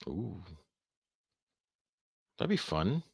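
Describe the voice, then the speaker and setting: A man co-hosting a podcast in casual chat, talking in an animated, rambling way and often stammering over his words. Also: sits low, very slow, gravelly, husky, dry recording, studio quality. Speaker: podcast co-host.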